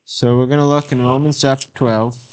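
A man reads a short children's story aloud for a Bible lesson, unhurried and plain, now and then stumbling over a word. His voice sits at an ordinary middle pitch for a man. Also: flat delivery, clear, resonant tone. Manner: plain, unhurried reading aloud with occasional slips and fillers. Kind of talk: reading a children's devotional story and scripture aloud.

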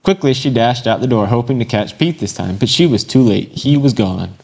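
A man's voice: medium pitch, animated, a little mellow, breathy edge. Man plainly reading a devotional story aloud. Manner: plain, unhurried reading aloud with occasional slips and fillers. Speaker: Bible lesson reader.

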